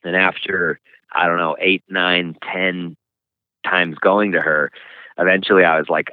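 Deep-voiced man on a tinny line. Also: flat delivery, no room sound. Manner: frank and reflective, pauses often. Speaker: author and guest. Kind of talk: candid interview conversation. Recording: tinny phone-like line, dry.

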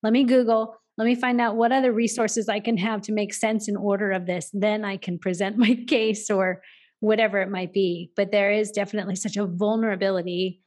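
A woman hosting a conversational interview at a middle pitch. She often affirms her guest, then steers into reflective questions about empathy. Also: little pitch movement. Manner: warmly affirming, quick to agree. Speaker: host.

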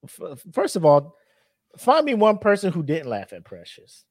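A man co-hosting a podcast in casual chat, animated storytelling that breaks into loud acted-out voices. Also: high-pitched, normal speed, dry recording. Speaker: podcast co-host.

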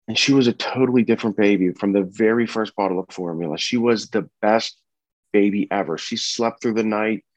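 A man telling the story of his wife's death and caring for their baby, speaking in an earnest, halting, somber way. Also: lowish voice, no echo. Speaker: bereaved husband and father telling his story. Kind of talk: personal testimony. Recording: dull, dry lo-fi recording.

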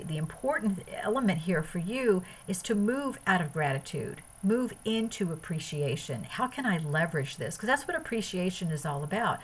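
A woman with a slightly low, husky voice hosts a self-help podcast. She talks earnestly about inner growth and piles up long lists of phrases as she goes. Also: rough recording. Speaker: podcast host. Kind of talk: spiritual self-help talk.

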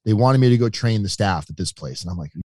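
This middle-aged man, a guest on a podcast, is a lively storyteller who acts out the quoted voices of people from his own tale. His fairly low, husky voice moves fast. There's no room sound, just clean studio audio.

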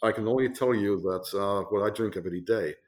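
A man voicing a blunt old German brewer testifying in court, in a mock German accent with a gruff, matter-of-fact manner. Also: lowish voice, fairly quick, lightly acted. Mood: deadpan boastful.

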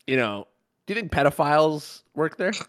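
A man on a podcast asking deadpan, teasing questions in casual chat. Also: on the high side, moderate pace, no room sound, clean studio sound. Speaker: podcast co-host.

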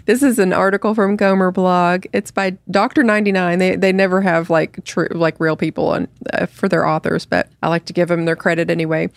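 A woman's voice: fairly low pitch, little pitch movement, brisk, gravelly, hardly any pauses, dry recording. A woman co-hosting a podcast, chatting casually and reading a satire article aloud, laughing often. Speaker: podcast co-host.

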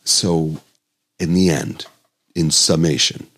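A man's voice: a bass voice, steady tone, slow pace, fairly bright tone, breathy edge. A man hosting his own health podcast as a doctor, speaking in an earnest, emotional, pleading monologue.

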